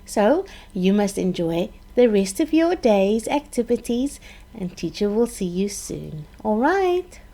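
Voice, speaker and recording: A woman preschool teacher reading a storybook and leading a counting lesson for young children in an animated, sing-song manner. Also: mid-range voice, takes it slowly.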